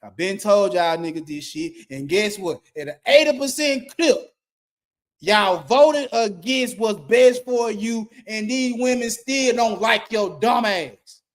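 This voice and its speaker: Blunt, profane man ranting, high voice. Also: lively intonation, slow. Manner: blunt, profane, emphatic, repeats his points. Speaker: YouTube commentator. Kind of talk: ranting monologue.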